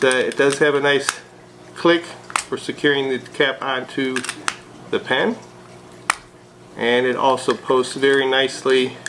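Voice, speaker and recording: A man vlogging a casual unboxing of a fountain pen, chatty and relaxed with frequent hesitations. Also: medium pitch, a little hiss or hum, poor audio.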